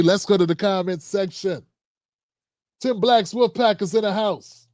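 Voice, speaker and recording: A man's voice: high voice, unhurried, long pauses, no echo, clean studio sound. A man hosting a livestream show, reading out viewer comments and signing off in a loose, slangy, chatty way. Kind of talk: casual sign-off and comment shout-outs.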